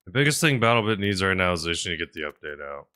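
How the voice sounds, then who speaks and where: A man streaming a game, chatting casually and rambling aloud, swinging between loud bursts and mumbled asides. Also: low-pitched, very animated, quick pace. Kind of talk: casual live-stream commentary while playing.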